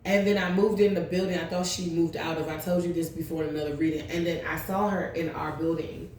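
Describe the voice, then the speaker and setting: A woman's voice: on the low side, fairly even intonation, quick pace, a little mellow, slight background noise. A woman hosting her tarot channel, telling a long personal story in a blunt, profane, rambling way. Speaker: tarot reader, channel host. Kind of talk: casual storytelling vlog. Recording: very echoey room.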